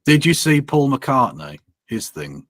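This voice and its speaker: A man's voice: medium pitch, big pitch swings, measured pace, a bit bright, dry recording, studio quality. A man co-hosting a casual livestream and reacting to clips, sweary and sardonic. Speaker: streamer reacting to a video.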